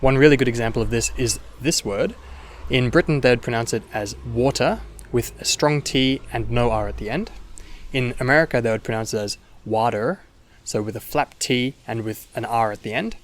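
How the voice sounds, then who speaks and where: Man, mild Australian accent, young adult, mid-pitched voice, methodical teacher, faint background hiss. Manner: clear and methodical, demonstrating sounds slowly. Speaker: English teacher. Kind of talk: explanatory video lesson.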